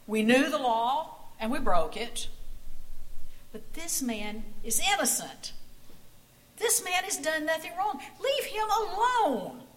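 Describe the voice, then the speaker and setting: A woman's voice: high-pitched, big pitch swings, slow pace, pitched above the performer's own voice, full character voice, poor audio. A woman doing a desperate dying criminal. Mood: defiant, pleading. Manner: breathless, pleading outbursts. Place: church sanctuary.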